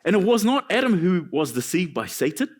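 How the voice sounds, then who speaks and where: A male pastor preaching a sermon in a church, animated and joking between points. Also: sits high, a little fast. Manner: animated preaching with jokes and asides.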